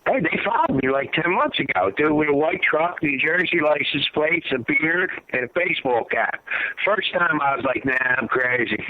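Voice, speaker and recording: A man, a grieving father, telling his story in an impassioned, rambling way, his voice sinking low and heavy at the hardest parts. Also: animated, normal speed, a little hiss or hum. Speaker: guest, father of a fallen soldier. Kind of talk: emotional storytelling interview. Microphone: phone call. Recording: tinny phone line, dry.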